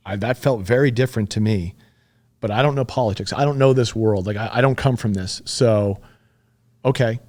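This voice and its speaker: A middle-aged man, a podcast guest, telling a story casually and candidly, swearing freely and getting animated as he recounts it. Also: medium pitch, brisk.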